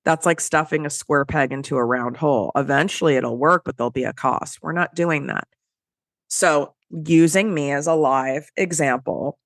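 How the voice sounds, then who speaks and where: A woman's voice: sits low, vocal fry, no room sound. Woman podcast host with a stuffy nose, casual and emphatic motivational talk, dry close sound. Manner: casual, emphatic, talks straight to listeners.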